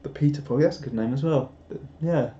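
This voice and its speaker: A young Englishman hosts a casual live stream, rambling as he reads out viewer comments and chuckles at his own expense. His mid-range voice is mellow and a little dark, and he talks fast. The sound is roomy and slightly dull, like a home setup.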